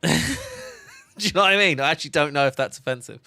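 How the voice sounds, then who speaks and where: A man's voice: a little high, quick pace, sharp tone, smooth, no room sound. A man, chatting casually on a game livestream, laughing often and reading chat aloud. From England. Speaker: game streamer.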